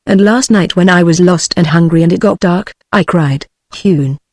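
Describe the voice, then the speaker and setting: Synthetic voice reading a gentle soothing young woman. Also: lowish voice, moderate pace, dry recording, clean studio sound. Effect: text-to-speech voice.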